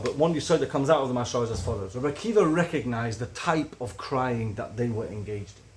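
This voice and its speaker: A man giving a recorded religious lecture, earnest and building to animated emphasis on key points. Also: medium pitch. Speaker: Torah teacher.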